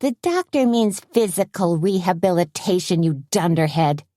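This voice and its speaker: Woman narrator playing a pushy, fretful wife; higher than her usual, bossy and exasperated, dark tone. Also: expressive, moderate pace, no echo, clean studio sound, close to an everyday voice. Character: brash anxious woman scolding her husband.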